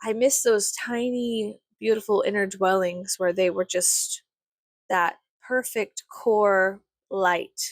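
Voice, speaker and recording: A woman's voice: mid-range voice, steady tone, slow, dry recording. Young woman, casual vlog ramble, profane, self-mocking, dry close sound. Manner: chatty, profane, self-mocking, acts out her own thoughts. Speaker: vlogger.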